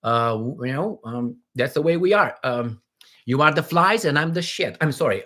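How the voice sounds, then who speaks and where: A middle-aged man hosts a casual livestream. He rambles from one viewer comment to the next and jokes as he goes. His voice sits at an ordinary middle pitch, full of fillers and restarts. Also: lively intonation, moderate pace, sharp tone. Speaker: livestream host.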